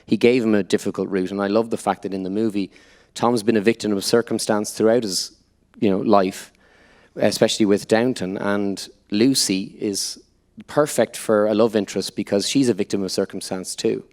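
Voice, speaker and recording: Lively Irish man telling stories. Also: lowish voice, moderate pace. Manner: lively anecdotal storyteller, quotes others in voices. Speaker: actor guest on a panel. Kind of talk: on-stage Q&A storytelling. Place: live event venue before an audience.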